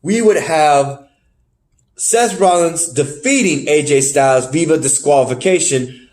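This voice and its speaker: Man, high voice, casual podcast recap, rambling, laughs often. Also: a little slow, a little mellow. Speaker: podcast co-host. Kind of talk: casual wrestling recap chat.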